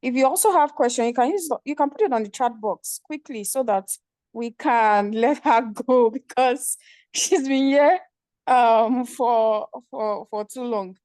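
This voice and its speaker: A woman's voice: fairly high pitch, unhurried, a little mellow, no room sound. A woman moderating an online meeting, calling for questions and repeating words to hurry things along. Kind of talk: hosting a Q&A.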